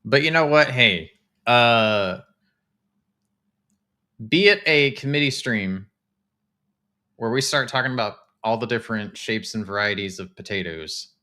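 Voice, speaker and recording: A man, casually chatting to his live-stream viewers while touring game houses, excitable and talkative. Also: mid-range voice, measured pace, pauses often. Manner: chatty, excitable, talks to chat.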